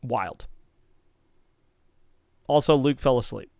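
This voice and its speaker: A man co-hosting a podcast, telling a story in a casual, animated, playful way and quoting other people in quick bursts. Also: medium pitch, vocal fry, dry recording, clean studio sound. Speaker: podcast co-host.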